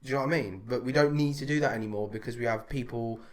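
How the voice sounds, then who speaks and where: A young man co-hosts a podcast in casual chat, swearing and laughing often. His mid-range voice races along.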